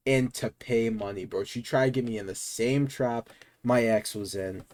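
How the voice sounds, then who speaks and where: A man casually telling a storytime, slangy and emphatic, with loud exasperated outbursts. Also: medium pitch, moderate pace.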